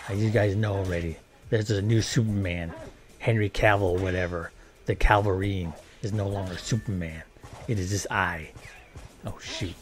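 A man's voice: sits low, steady tone, normal speed, soft background music. A man casually commentating a video game, joking and talking playfully to the characters. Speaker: gameplay commentator.

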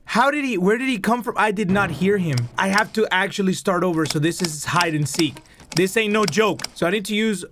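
Jumpy Mexican man, animated gameplay commentary. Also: fairly high pitch, slight background noise. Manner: jumpy, shrieks when startled, swears and switches between languages. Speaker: gaming host. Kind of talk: excitable horror gameplay commentary.

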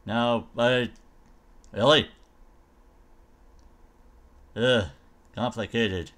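A man's voice: mid-range voice, slow pace, pauses often, a bit bright. A man casually commenting on a game mod as he tries it, thinking aloud and mumbling silly noises. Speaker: gamer showcasing a mod.

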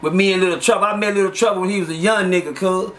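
Storyteller, man, high voice, animated, acts out the voices he quotes. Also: very fast. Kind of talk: casual storytelling.

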